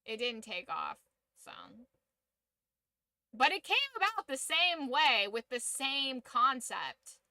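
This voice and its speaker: A woman's voice: high-pitched, sing-song, takes it slowly, sharp tone, no echo. A woman hosting a casual livestream, giving an opinionated, profanity-laced rant. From United States. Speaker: streamer and channel host.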